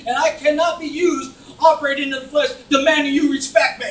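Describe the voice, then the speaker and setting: A man preaching a fervent sermon as pastor, building to shouts and mocking voices. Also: extremely high pitch, little pitch movement, a little fast. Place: church. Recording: echoey church from far off, faint noise. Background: congregation calling back.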